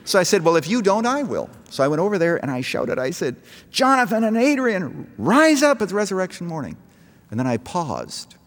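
A middle-aged pastor delivers a sermon that shifts from relaxed storytelling to emphatic calls, his pitch swinging widely as he builds. Each line trails a long echo from a large hall, with slight background noise underneath.

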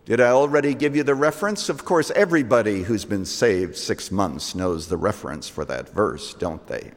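A man preaching a sermon, slow and emphatic, rising to loud peaks and dropping to hushed lines. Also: lowish voice, expressive. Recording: long hall reverb.

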